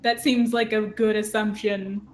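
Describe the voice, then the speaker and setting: A woman chatting casually out of character at a tabletop game, hesitant and filling pauses with ums. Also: mid-range voice, little pitch movement.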